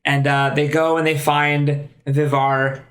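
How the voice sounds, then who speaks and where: A man's voice: a little high, little pitch movement, takes it slowly, a bit bright. A man co-hosting a casual podcast, talking in a laid-back, slangy way with frequent swearing. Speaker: podcast co-host. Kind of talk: casual chat. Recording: roomy echo.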